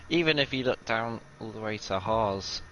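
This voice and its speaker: Low-voiced, laid-back male co-commentator. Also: animated, moderate pace, fairly bright tone, muffled recording, a little hiss or hum. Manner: casual, laughs often, loose and rambling. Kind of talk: live sim racing commentary.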